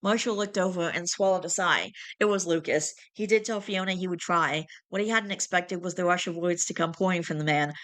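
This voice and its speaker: Woman reading a story aloud, low voice. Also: brisk, few pauses, a bit bright. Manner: self-correcting asides. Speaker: reader.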